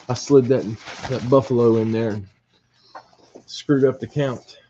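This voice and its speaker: A man's voice: mid-range voice, fairly even intonation, unhurried, pauses often, dark tone. A man hosting a casual live draw, counting aloud and reading off names and teams, chuckling at his own slips. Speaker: host running a team draw. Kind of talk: casual live group break. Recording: muffled lo-fi audio with faint noise.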